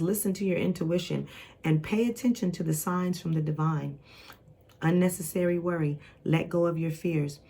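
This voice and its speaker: Speaking in a lowish voice with vocal fry, this woman offers a relaxed spiritual tarot reading straight to the viewer. Her encouraging, reassuring talk wanders, full of fillers and restarts.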